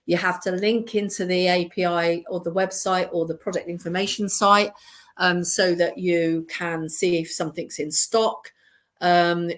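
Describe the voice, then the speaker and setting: A British woman presenting a webinar, explaining things in a rambling way full of fillers and restarts. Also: lowish voice. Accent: British English. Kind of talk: live webinar teaching.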